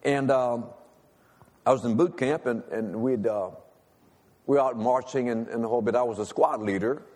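An older man preaches in a large hall with long reverb, telling a personal story in a conversational way and calling on the congregation to respond. His voice is mid-range and somewhat dark, at a moderate pace.

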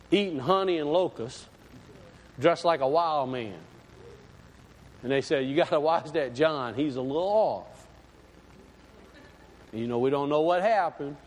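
Folksy preacher in an echoey hall. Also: male voice, fairly high pitch. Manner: folksy storytelling with sudden emphatic swells. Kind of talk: sermon.

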